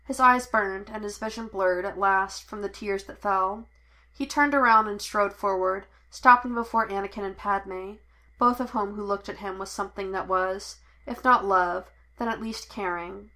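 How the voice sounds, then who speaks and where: A woman with a mid-range voice narrates a fan fiction piece as a podfic reader. Her storybook-style delivery is even and measured.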